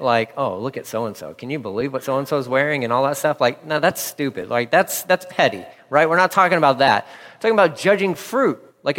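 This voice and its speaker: A man's voice: fairly high pitch, a bit bright. Emphatic preacher man in a reverberant hall. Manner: emphatic preaching, slowing for scripture. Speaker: pastor. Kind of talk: radio sermon.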